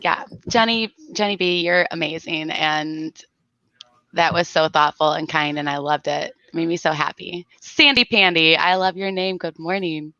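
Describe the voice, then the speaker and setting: A woman's voice: deep voice, normal speed, bright, forceful tone, no room sound, muffled recording. A woman from South Florida hosting a casual livestream and greeting her viewers by name. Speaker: livestream host.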